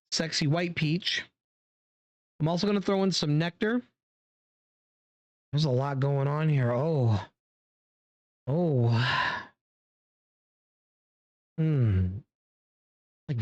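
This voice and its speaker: Casual wine-tasting host, easygoing and talkative, mid-pitched voice, close and dry sound. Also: dry recording, lo-fi sound. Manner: chatty and relaxed, many fillers, talks straight to viewers. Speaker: wine reviewer.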